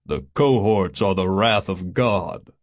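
A man reading an audiobook, voicing a brisk male boss who gives orders. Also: deep voice. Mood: commanding.

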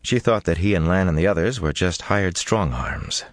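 A man narrating a fantasy audiobook in an expressive, dramatic storytelling manner. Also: low voice, moderate pace, no room sound, studio quality.

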